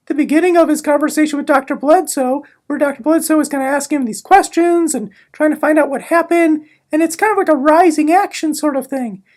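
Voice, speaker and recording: A woman's voice: very high voice, a little mellow. A woman giving a casual, sarcastic summary lesson on a novel chapter, with playful asides. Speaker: literature explainer.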